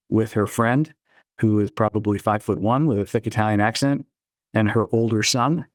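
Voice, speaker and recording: A middle-aged man telling stories from his career in a relaxed, anecdotal way during an interview. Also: lowish voice, no echo. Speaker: guest, chief innovation officer. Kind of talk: storytelling interview answers.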